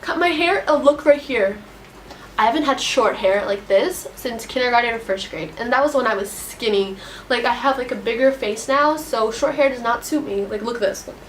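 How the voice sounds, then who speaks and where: A woman's voice: on the high side, normal speed, slight background noise. A teenage girl telling a storytime vlog in a casual, rambling way, upset and full of "like". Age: teens. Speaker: vlogger.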